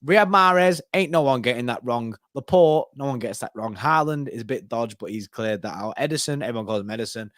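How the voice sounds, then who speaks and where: A man's voice: mid-range voice, a little fast, hardly any pauses, no echo, clean studio sound. A young man, co-hosting a casual fan live stream and laughing often. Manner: animated, laughs often, lively bursts. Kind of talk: casual chat.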